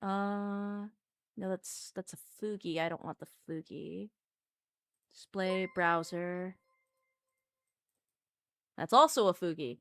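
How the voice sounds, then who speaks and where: A woman VTuber chatting casually on a live stream, animated and self-mocking. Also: lowish voice, slow pace, pauses often, no echo, clean studio sound.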